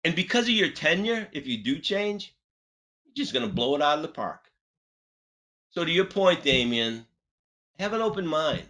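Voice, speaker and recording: Brief: man, sales trainer, bright tone, animated storyteller. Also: normal speed, long pauses, poor audio. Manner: animated, punchy delivery with big pitch swings. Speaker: sales trainer and webinar host. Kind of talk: storytelling on a webinar panel.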